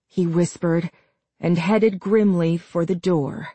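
A woman narrating a horror novel as an audiobook, reading in a slow, measured way. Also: on the low side, steady tone, mellow, husky, no echo. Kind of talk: scripted narration.

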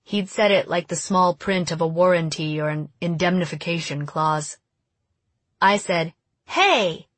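A woman narrating a first-person audiobook in an even, storytelling manner. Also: fairly low pitch, normal speed, no echo.

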